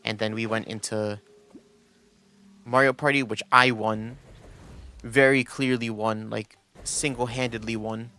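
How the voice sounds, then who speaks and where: A man's voice: lowish voice, little pitch movement, a little slow, pauses often, pushed and bright. A young man streaming and chatting casually, rambling with lots of restarts and quoted asides. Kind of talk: casual chat.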